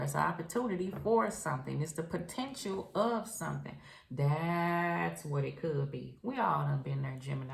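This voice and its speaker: A woman's voice: lowish voice, vocal fry. A woman giving a casual tarot reading, talking frankly and directly to the viewer and calling them honey and child. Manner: frank, chatty, addresses viewer directly with endearments. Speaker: tarot reader. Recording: echoey room.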